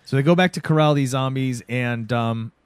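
Young guy, mid-pitched, loose rambling plot recap, dead-dry close mic. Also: normal speed, smooth, no echo. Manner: rambling, animated retelling with acted quotes. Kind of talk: casual film recap chat.

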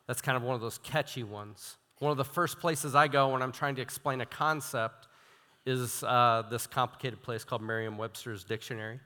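Young man, preacher, sermon, animated, self-deprecating, long hall reverb. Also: mid-range voice, normal speed, clear, resonant tone. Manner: animated, self-deprecating, reads quotes with emphasis. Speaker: student minister. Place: church hall.

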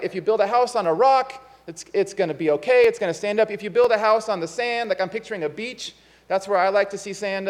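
Male pastor, sermon, high voice, chatty self-mocking storytelling, church with long reverb. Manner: conversational, self-deprecating storytelling. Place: church sanctuary.

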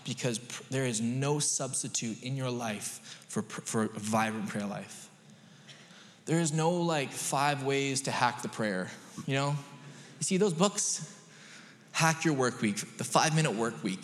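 A man preaching a sermon as a pastor, conversational and animated, rising to emphatic peaks. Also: medium pitch, moderate pace. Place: church sanctuary. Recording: long reverb of a large hall.

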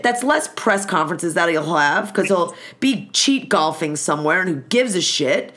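A woman's voice: on the low side, animated, normal speed, few pauses, a bit bright. A woman in casual chat, ranting bluntly and swearing freely.

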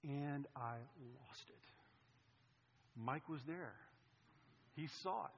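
A male pastor delivers a sermon in a church, telling a personal story with lively swings from loud outbursts to quiet asides. His voice sits a bit high with a husky edge. The sound rings with long hall reverb and comes across dull. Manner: animated, swings between loud and hushed. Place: church sanctuary.

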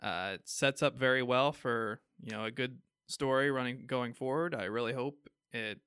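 A man's voice: mid-range voice, moderate pace, fairly bright tone, smooth. A man with a Midwestern American accent co-hosting a casual chat about comic books. He talks enthusiastically, with frequent fillers and laughs. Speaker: podcast co-host.

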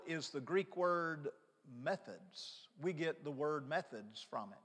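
A man's voice: on the high side, a bit bright, big-room sound. A man in his fifties preaching a sermon as pastor, emphatic and repeating key words for stress. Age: 50s.

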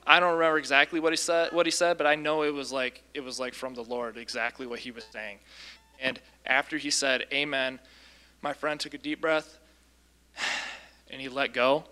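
A man casually recounting a deliverance story as a Christian minister, lively, with frequent ums and restarts. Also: mid-range voice.

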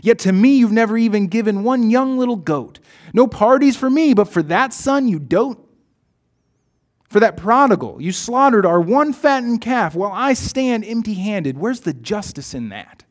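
A man voicing an indignant older son in a poem reading, sharp and resentful, his voice raised and loud. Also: medium pitch, big pitch swings, a little slow, few pauses, slightly rough, voice pushed down. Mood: angry, resentful.

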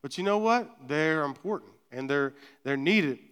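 A man preaches a sermon, his high voice smooth and resonant. He talks conversationally, repeating words and checking in with the room. A long church-hall reverb trails behind him. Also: expressive, moderate pace, fairly bright tone. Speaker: pastor. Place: church sanctuary.

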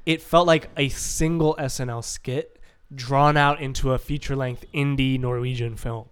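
A man's voice: mid-range voice, normal speed, clean tone. A man co-hosting a podcast, talking in casual, jokey chat and swearing now and then. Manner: animated, jokey, swears, laughs mid-sentence. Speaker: podcast co-host.

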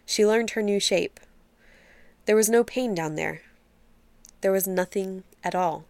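A woman narrating a literary story in a measured, steady reading voice. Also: medium pitch, creaky, dry recording.

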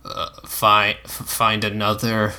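A man voicing a weary, reluctant knight in a storybook reading, halting and strained. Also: fairly low pitch, completely flat delivery, pushed and bright, full character voice.

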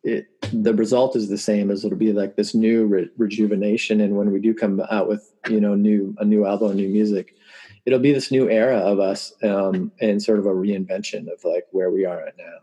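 A man's voice: on the low side, little pitch movement, normal speed, warm tone, breathy edge. A man in his forties, a musician guest telling family stories in casual interview chat, laughing often and acting out quotes.

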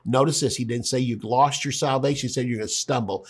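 A man's voice: mid-range voice, fairly even intonation, fast talker, husky. A man teaching a sermon, retelling scripture in a conversational way with emphatic asides. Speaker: Bible teacher.

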